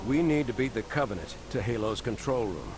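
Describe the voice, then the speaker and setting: An actor playing a firm, commanding starship captain in a video game cutscene. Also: male voice, medium pitch, lively intonation, fairly quick, crowd noise, natural voice.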